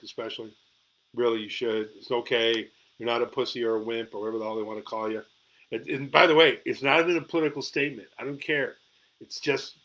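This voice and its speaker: A middle-aged man reads his own poems on a live stream, his voice pitched squarely in the middle. His delivery is raw and intense, and he swears freely. He talks close to a phone or webcam. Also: a bit bright, low-quality recording. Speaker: amateur poet and show host. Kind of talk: live-streamed poetry reading.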